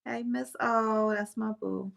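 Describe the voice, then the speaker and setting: A woman's voice: on the high side, fairly even intonation, slow pace, gravelly. A woman guest on a casual live stream, giving supportive, affirming replies. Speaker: guest, beauty content creator.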